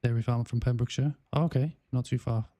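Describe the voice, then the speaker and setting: A man's voice: medium pitch, fairly even intonation, fast talker, warm tone, dry recording. A man with a South Welsh accent chatting casually on a gaming livestream, rambling with lots of fillers and restarts. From South Wales. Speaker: gaming streamer.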